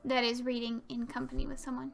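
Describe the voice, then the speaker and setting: A woman voicing a shy, apologetic bookish teenage girl from a visual novel, speaking softly and hesitantly. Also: high-pitched, flat delivery, fast, creaky, soft background music. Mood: timid. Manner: soft, hesitant, trailing off. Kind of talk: reading a visual novel aloud.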